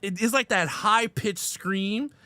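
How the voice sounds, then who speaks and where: A man co-hosting a casual film review chat, retelling favorite scenes with animated enthusiasm and casual swearing. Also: sits high, takes it slowly, no echo. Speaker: podcast co-host.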